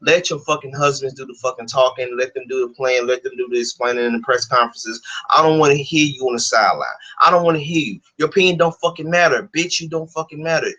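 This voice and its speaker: A man's voice: medium pitch, fairly even intonation, quick pace, hardly any pauses, bright, forceful tone, rough recording. A man vlogging a heated, profane rant, repeating himself and swearing constantly. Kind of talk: profane ranting monologue.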